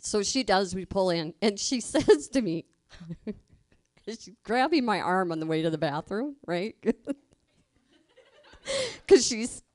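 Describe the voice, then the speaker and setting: A woman's voice: medium pitch, animated, slow, pauses often, a little mellow, no echo, studio quality. A middle-aged woman telling a personal story live on stage, colloquial, laughing as she goes and acting out the voices she quotes. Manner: colloquial, laughs through her own story.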